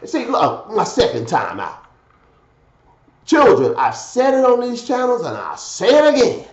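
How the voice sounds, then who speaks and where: A man's voice: wildly swooping pitch, measured pace. Preacher guy going hard then dropping to mutters, voice jumps all over, echoey muffled sound. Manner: swings from loud declaiming to low muttered asides. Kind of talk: fiery scripture sermon.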